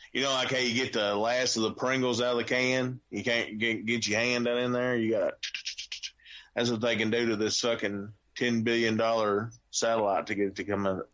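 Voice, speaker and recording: A man's voice: mid-range voice, little pitch movement, moderate pace, a bit bright, poor audio. A man, co-hosting a podcast and telling rambling, folksy stories. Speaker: podcast co-host. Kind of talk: casual podcast chat.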